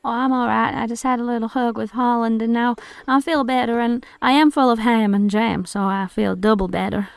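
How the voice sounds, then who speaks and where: A woman's voice: on the high side, fairly even intonation, fairly quick, gravelly, few pauses, clean tone, no echo. A woman playing a sweet, childlike scarecrow man. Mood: cheerful. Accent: British. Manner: sweet, hesitant, innocent. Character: gentle childlike male scarecrow with stuffing. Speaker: dungeon master.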